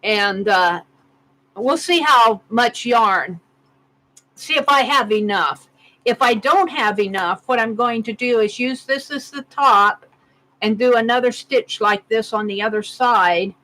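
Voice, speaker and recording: Woman, 60s, craft-stream host, chatty and giggly, slightly high voice. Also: unhurried, pushed and bright, low-quality recording. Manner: chatty, giggly, reads out comments. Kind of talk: casual chat with live viewers. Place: home craft room.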